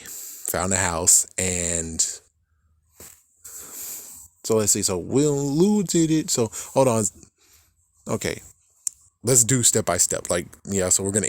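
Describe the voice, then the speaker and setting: A man with a somewhat low voice rants through a TV recap, animated and swearing freely. The sound is dry and close, with no room around it. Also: no room sound. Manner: animated, profane, laughing asides. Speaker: show recap vlogger. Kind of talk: casual reaction rant.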